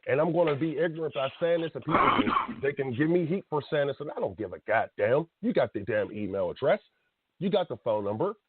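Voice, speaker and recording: Host, late thirties, male, husky, heated and blunt, pitch swinging a lot, thin phone-like sound. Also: animated, fast, dry recording. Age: 30s. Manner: blunt, heated ranting with laughs and slang. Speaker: podcast host. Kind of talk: casual radio talk.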